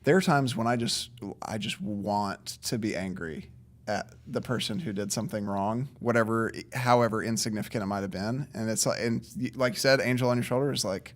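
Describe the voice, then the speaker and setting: A man hosting a podcast, asking reflective questions in a relaxed, friendly way. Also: lowish voice, brisk. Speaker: podcast host. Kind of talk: casual chat.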